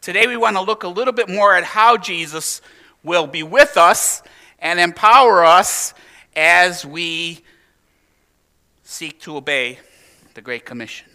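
A man preaching a sermon as pastor, swinging from emphatic, raised exclamations to quiet, hushed lines. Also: sits high, unhurried, long pauses. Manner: animated preaching with emphatic rises and hushed drops.

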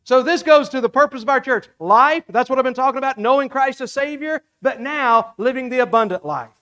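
A man's voice: extremely high pitch, a little fast, pushed and bright. A male pastor with a Southern American accent preaching a sermon, emphatic and repetitive, with folksy asides to his congregation.

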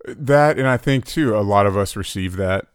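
A man's voice: on the low side, moderate pace, clean tone, no echo, studio quality. A man in his thirties co-hosting a casual podcast, telling a story in an earnest, reflective way. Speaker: podcast co-host.

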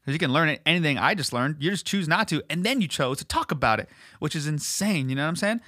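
A man hosting a podcast in casual, rambling chat, swearing heavily and animated. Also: on the high side, fast talker, no room sound, studio quality. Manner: profane, rambling, animated, filler words. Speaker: podcast host.

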